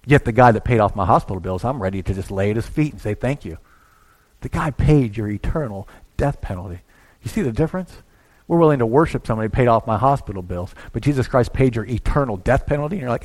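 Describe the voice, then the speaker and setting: A man preaching a sermon in a church, talking conversationally and acting out little asides as he swings between quiet and loud. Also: medium pitch, animated, fairly quick. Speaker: pastor.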